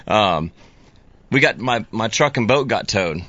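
A man's voice: lowish voice, animated, measured pace, a bit bright, dry recording, dull audio. A man being interviewed as a guest about making fishing videos, talking in a laid-back, rambling way with lots of fillers. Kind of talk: casual interview chat.

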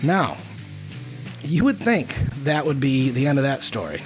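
A man's voice: mid-range voice, sing-song, a little slow. A man telling a rambling, self-mocking story in a casual monologue, with many fillers. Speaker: podcast host. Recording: faint guitar music behind.

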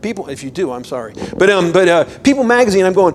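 A man, a pastor, preaching a sermon in a conversational, animated way, with emphatic bursts. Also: sits high, fast, poor audio.

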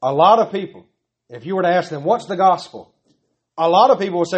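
A man's voice: sits high, animated, a little fast, breathy edge, highs cut off. A man preaching a sermon, earnest and pleading, building his points through repetition. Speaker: pastor.

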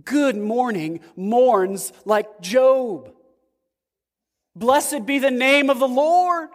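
A man preaching a sermon as pastor, slow and emphatic, with sudden swings in pitch. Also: animated. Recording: long reverb of a large hall.

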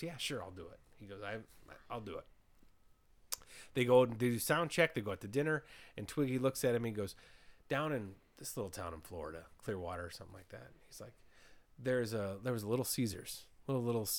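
A man hosting a podcast in casual chat, retelling a story and quoting people with lots of "he goes". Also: medium pitch. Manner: animated storyteller, retells quotes with repeated "he goes". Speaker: podcast host.

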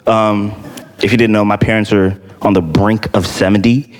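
Young man, low-ish voice, rambling animated testimony, reverberant room. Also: normal speed. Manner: animated storytelling, acts out quotes in a high voice, many fillers. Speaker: church member sharing testimony. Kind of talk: casual testimony. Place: church hall.

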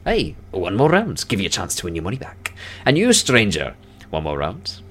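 A man's voice: deep voice, huge pitch swings, moderate pace, a bit bright, breathy edge, full character voice. A man voicing a smug male half-elf gambler who taunts his opponents at dice. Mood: coaxing.

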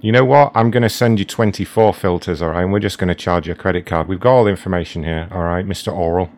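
A foul-mouthed filter company boss, put on by a man in a very low voice. The figure is indignant and trades insults on a prank call, never backing down. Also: fast talker, darkish tone, close to an everyday voice.

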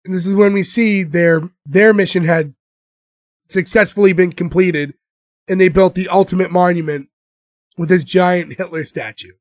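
High-voiced man chatting, dry sound. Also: steady tone, moderate pace, no echo. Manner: rambling storyteller, many fillers and restarts. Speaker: podcast host. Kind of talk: casual chat recapping a show.

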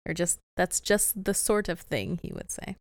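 Giggly woman with a gravelly edge. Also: fairly low pitch, moderate pace, no echo, clean studio sound. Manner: giggly, chatty, laughs often. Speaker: podcast co-host. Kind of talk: casual chat recapping a show.

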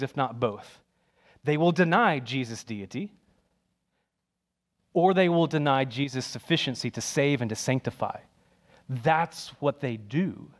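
A man preaching a sermon in an emphatic, conversational way, repeating key phrases. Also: on the high side.

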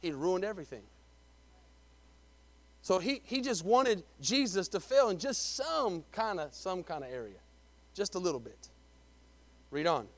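A man preaching a sermon, emphatic, repeating words and swinging between loud lines and hushed ones. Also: high-pitched, big pitch swings, unhurried, long pauses, no room sound. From Texas. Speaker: pastor.

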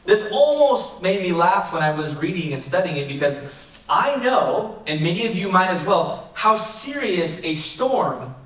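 A man's voice: high voice, sing-song, a little slow, fairly bright tone. A man pastor preaching a sermon in a conversational way, often asking rhetorical questions, in a church hall. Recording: echoey room, mic far off.

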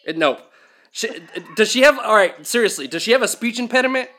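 A man's voice: very high voice, lively intonation, fairly quick, bright, forceful tone. A man co-hosting a casual podcast chat, blunt and profane, often stumbling over repeated words as he starts a sentence. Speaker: podcast co-host.

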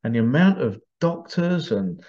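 A man's voice: medium pitch, sing-song, moderate pace, a little mellow. A man, talking in a rambling, emphatic monologue and repeating his points. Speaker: hypnotherapist giving his views. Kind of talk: casual monologue. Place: small stuffy room. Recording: slightly dull lo-fi sound.

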